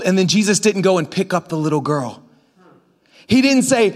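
A man with a notably high voice delivers a sermon to a congregation in a church. He is emphatic and animated, dropping to quiet asides and then rising to shouted commands. He jokes easily with the people in the seats. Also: normal speed. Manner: joking with the congregation. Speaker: pastor. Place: church sanctuary before a congregation.

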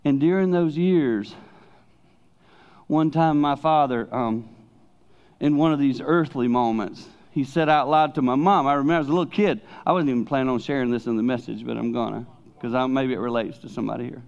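This middle-aged pastor's sermon comes across as relaxed and conversational, his voice creaky, fairly quick and pitched in the middle range. He regularly lowers to a hush for emphasis, and the sound quality is dull and lo-fi.

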